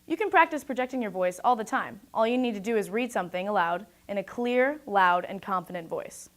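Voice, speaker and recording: A young woman giving a scripted talk about presentation skills, speaking in a clear, projected and deliberate way. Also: mid-range voice, lively intonation.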